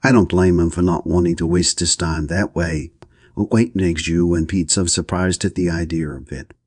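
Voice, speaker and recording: A man voicing a blunt, impatient young woman in an audiobook reading, talking roughly and curtly. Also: low-pitched, steady tone, moderate pace, darkish tone, dry recording, studio quality. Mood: incredulous. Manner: rough, curt, scornful.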